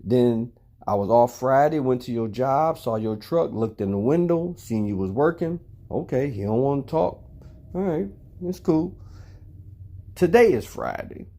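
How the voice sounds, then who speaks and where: Unhurried and mellow, with medium pitch and lively intonation, a middle-aged father talks to his son at home indoors. The recorded monologue is a long, wandering story peppered with swearing.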